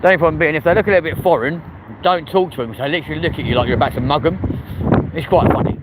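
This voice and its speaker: Chatty Londoner on a windy street. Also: male voice, on the high side, racing. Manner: chatty, rambling and cheeky, answers viewer comments. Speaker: live-stream host. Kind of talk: casual live-stream chat while walking. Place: outdoors on a busy city street. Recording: wind and street noise on the mic. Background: traffic and wind.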